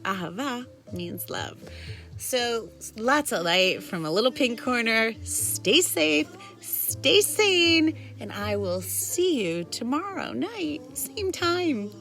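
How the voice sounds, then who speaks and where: A middle-aged woman, chatting casually to viewers of her livestream from her apartment, animated and laughing often. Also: fairly high pitch, takes it slowly, soft background music. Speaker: vlogger. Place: apartment in Israel.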